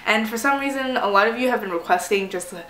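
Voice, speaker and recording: A woman's voice: medium pitch, fast, bright, forceful tone, echoey room, slight background noise. A young woman chatting casually while doing her makeup, rambling with lots of fillers. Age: young adult. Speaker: beauty vlogger. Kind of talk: casual get-ready-with-me chat.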